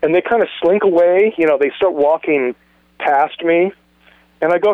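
A man's voice: fairly high pitch, normal speed, dry recording. A man in his sixties with a Californian accent, telling a long story in a rambling way, restarting and repeating words. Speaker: guest musician. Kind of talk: storytelling in an interview. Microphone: phone. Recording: tinny phone line.

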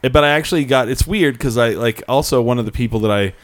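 A man's voice: mid-range voice, fast. A man telling an anecdote on a casual web show. He rambles, restarts his sentences and circles back to his point in easy chatter. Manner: rambling storyteller, frequent restarts. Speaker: podcast host. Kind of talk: casual chat.

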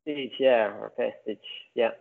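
A man's voice: medium pitch, moderate pace, creaky. A man from the UK, a podcast guest and author, chatting casually and rambling with many fillers and restarts. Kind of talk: casual chat. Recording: tinny phone-like call audio.

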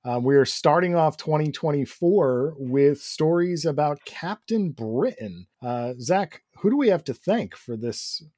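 A man co-hosting a podcast in casual chat, relaxed, laughing often and steering the topic. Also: on the high side, a little slow, hardly any pauses. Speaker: podcast co-host.

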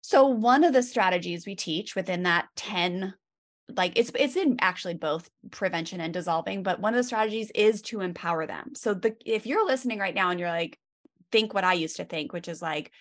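Gravelly, storytelling woman podcast guest. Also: fairly low pitch, brisk. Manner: lively storytelling with many asides. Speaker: parenting educator guest. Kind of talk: casual podcast interview.

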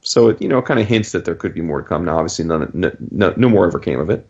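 A man's voice: deep voice, quick pace, dull audio. A man in casual chat, animatedly recapping a story and swearing freely. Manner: animated, acts out characters' lines in jumping voices, profane.

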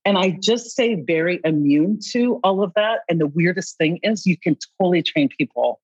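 A woman coach in a podcast conversation who talks with a husky voice and acts out both sides of the dialogues she describes. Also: on the low side, expressive, normal speed, a little mellow, no echo, lo-fi sound. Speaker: coach advising company founders.

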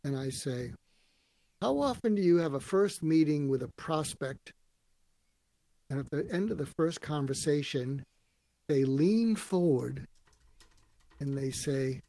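A man telling stories in an interview, acting out quoted lines with lively voices. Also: fairly high pitch, measured pace, pauses often, no room sound. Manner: animated storyteller acting out quotes. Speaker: guest, author and speaker. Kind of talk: storytelling interview answers.

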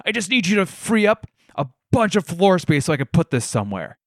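A man's voice: high voice, sing-song, brisk, dry recording, studio quality, pitched above the performer's own voice. A man doing a pushy door-to-door salesman. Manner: pushy, wheedling.

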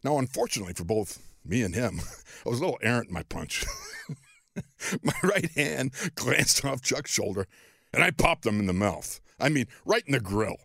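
An older man with a gravelly, middle-pitched voice tells a story from his playing days. He is animated and self-deprecating and chuckles as he goes. The sound is dry and close, with no room around it. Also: normal speed, dry recording. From Western New York, USA. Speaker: podcast host, former football player. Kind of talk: storytelling monologue.

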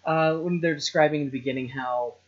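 A man's voice: fairly high pitch, brisk. A man co-hosting a podcast, chatting casually about a film with jokes and restarts. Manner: rambling, joking, with restarts. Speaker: podcast co-host. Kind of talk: casual chat reviewing a film. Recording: slightly dull lo-fi sound.

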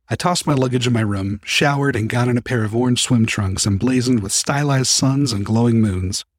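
A man narrating a first-person story as an audiobook reader, calm and even. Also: mid-range voice, moderate pace, few pauses, no room sound, studio quality.

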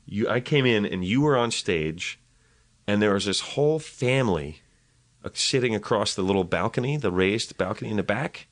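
A man's voice: lowish voice, expressive, moderate pace. A man, a comedian, chatting casually on a podcast, telling stories in a rambling, self-deprecating way. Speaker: comedian guest.

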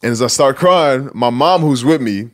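A man's voice: medium pitch, lively intonation, moderate pace. A man in his twenties from Nigeria, a basketball player speaking candidly and reflectively in a casual interview, with casual swearing. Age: 20s.

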